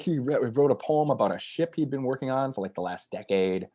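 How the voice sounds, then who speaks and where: A man's voice: mid-range voice, animated, a little fast, warm tone, highs cut off. A man telling stories in casual conversation as a guest, rambling and acting out the voices of people he quotes. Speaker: author and journalist guest.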